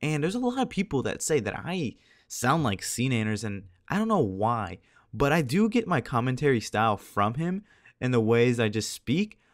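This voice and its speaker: A man's voice: medium pitch, sing-song, moderate pace, no echo, studio quality. A teenage boy chatting casually over gameplay as a video commentator, tired and a little scratchy-voiced, rambling along and laughing at himself. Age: teens.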